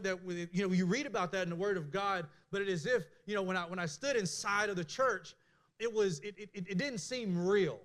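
A middle-aged man preaching a conversational sermon, candid and animated, with many restarts. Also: high voice.

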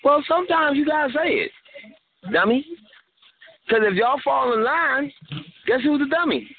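On a call-in radio show, a high-voiced male co-host speaks at a moderate pace through a tinny phone line with faint noise. His banter is casual, joking and rambling, with frequent laughter.

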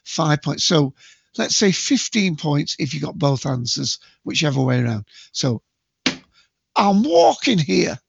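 A man hosting a casual movie quiz, chatty and jokey, with bursts of loud quote acting. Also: a little high, lively intonation, normal speed, creaky, noisy background. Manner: chatty, jokey, self-mocking, acts out movie quotes loudly. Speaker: quiz host. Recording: dull lo-fi dry home recording.

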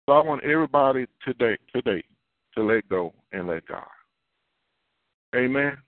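A male prophet with a mid-range voice and lively intonation preaches at normal speed. His sermon is earnest and confessional, full of repeated key phrases, and the dry audio has a tinny phone-line quality.

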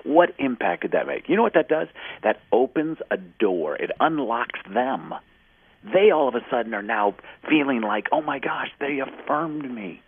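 A man's voice: medium pitch, sing-song, normal speed. A man speaking as an interview guest, passionate and emphatic, acting out the lines of people in his stories. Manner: passionate, emphatic, acts out quoted dialogue. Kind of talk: energetic motivational interview talk. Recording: husky voice over a tinny phone-like line.

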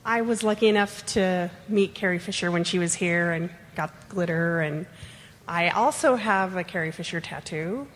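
Heartfelt, halting woman in a reverberant hall. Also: lowish voice. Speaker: audience member at a fan panel. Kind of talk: emotional personal story. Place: convention panel room. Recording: long hall reverb with faint noise.

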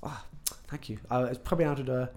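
Guy guesting on a podcast, quick teasing jokes, easy chat. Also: mid-range voice, a little mellow. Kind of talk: casual chat.

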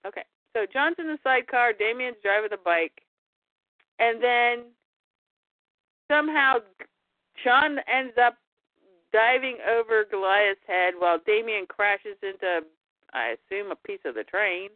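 A woman's voice: medium pitch, lively intonation, measured pace, long pauses, no room sound. A woman casually retelling a cartoon story in a chatty way, laughing now and then. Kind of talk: casual plot recap. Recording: dry, tinny phone-like line.

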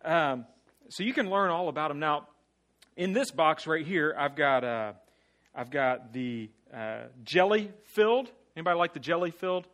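A man preaching a guest sermon to a congregation, shifting between hushed earnest appeals and loud rallying calls, with playful jokey asides. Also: on the high side, lively intonation, moderate pace. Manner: swings from hushed earnest pleading to loud rallying call-and-response.

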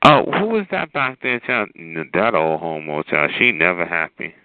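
A man's voice: deep voice, moderate pace, no echo. Sassy guy ranting on a tinny phone line, voice swinging all over, calls everyone honey. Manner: sassy, animated, calls listeners honey and child. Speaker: chat line regular. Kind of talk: casual storytelling rant.

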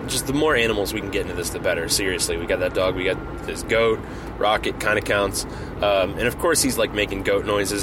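Low-voiced man pitching a movie idea. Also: background noise. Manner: rambling, many fillers and restarts. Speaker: podcast host. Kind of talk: casual comedic storytelling.

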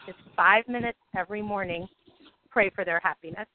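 A woman's voice: medium pitch, normal speed, background noise. A woman leading a spiritual group call, teaching casually and acting out inner thoughts with animation. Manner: animated, acts out inner monologues. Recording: tinny phone-line audio.

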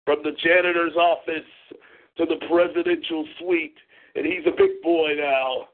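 A fairly high-voiced man rants on his talk show, swearing and mocking in a confrontational way. His voice comes through thin and tinny, as if over a phone line. He sounds like a host calling someone out. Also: steady tone, measured pace. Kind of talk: angry call-in show rant.

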